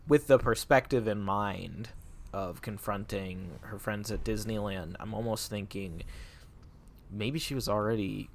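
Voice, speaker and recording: A man with a low, gravelly voice co-hosts a casual podcast, rambling and joking as he argues his point. A faint hiss sits under the recording. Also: measured pace. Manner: thinks aloud, rambling, joking. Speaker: co-host.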